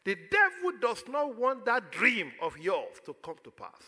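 A man's voice: very high voice, wildly swooping pitch, measured pace, bright, forceful tone, in a large hall. A man with a Nigerian accent preaching a sermon as pastor, throwing questions out to the congregation for them to answer.

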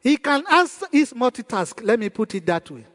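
A man's voice: very high-pitched, big pitch swings, moderate pace, fairly bright tone. A male pastor preaching a sermon in a church hall, emphatic and repeating his key phrases. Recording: long church hall reverb.

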